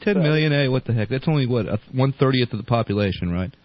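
A man in casual political chat, halting with restarts and slow emphasis. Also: mid-range voice, expressive, dry recording. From United States. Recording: dull lo-fi dry line.

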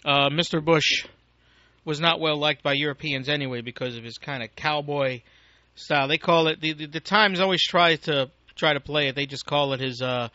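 A man's voice: on the high side, normal speed, pushed and bright, dry recording. An American man giving an angry, profane, rambling political rant as a talk radio host, on a dull lo-fi recording. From United States.

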